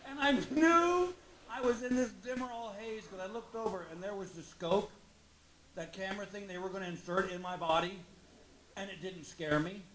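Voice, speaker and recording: A middle-aged man telling a stand-up comedy story on a live stage, animated and acting out the people he quotes. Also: fairly quick, a crowd in the background. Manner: animated, acts out quoted people, leaps high when exclaiming. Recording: roomy live venue with audience noise.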